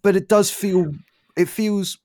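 A man's voice: sits high, steady tone, a little slow, dark tone, no room sound, clean studio sound. A young man co-hosting a casual podcast chat, laughing often and swearing freely. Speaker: podcast co-host.

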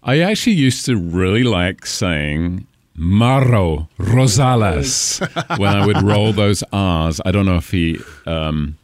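Deep-voiced Englishman from Cambridge. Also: expressive, unhurried, hardly any pauses, no echo. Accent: English, Cambridge area. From England. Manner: chatty, laughs often, enjoys rolling names off the tongue. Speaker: stadium announcer, guest. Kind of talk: casual interview chat.

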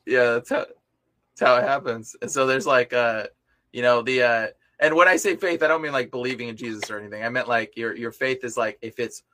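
Animated filler-heavy man telling stories. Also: medium pitch, brisk. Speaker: deliverance minister. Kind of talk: casual podcast chat. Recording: noisy live recording with clicks.

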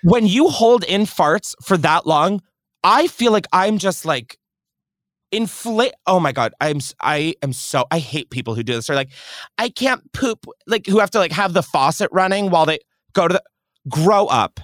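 A podcast host reacts to voicemails from callers with brash, profane, theatrical outrage. His pitch swings widely as he rants, and the sound is dry and close with no room echo. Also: animated, moderate pace, a bit bright. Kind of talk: casual advice chat.

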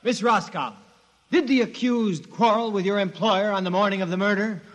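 An actor playing a male prosecutor questioning witnesses deliberately in a 1950s radio drama. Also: sits high, background noise, close to an everyday voice. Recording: reverberant radio recording with music.

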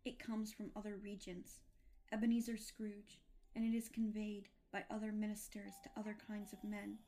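A woman's voice: mid-range voice, monotone, normal speed, dark tone, close to an everyday voice. A woman voicing a grim male ghost, a dead miser bound in chains, who speaks in a mournful, solemn, declaiming way.

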